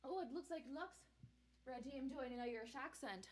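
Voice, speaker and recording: Chatty, fairly high-pitched woman host. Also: expressive, moderate pace. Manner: chatty, rambling, bantering. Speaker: host of a live-streamed variety show. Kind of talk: casual live-stream chat.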